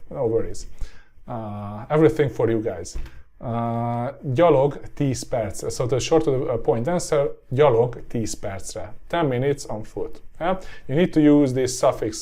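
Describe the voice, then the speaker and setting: A man with a Hungarian accent, a native Hungarian speaker, teaching a language lesson in a slightly hoarse, tiring voice, often checking in with a rising "yeah?" and filling pauses with "uh". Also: mid-range voice, dark tone. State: voice getting hoarse.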